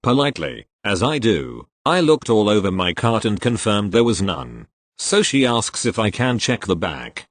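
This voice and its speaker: A man's voice: on the low side, sing-song, moderate pace, no echo. A man reading online retail stories aloud in a conversational storytelling way, adding casual asides. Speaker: narrator reading online posts.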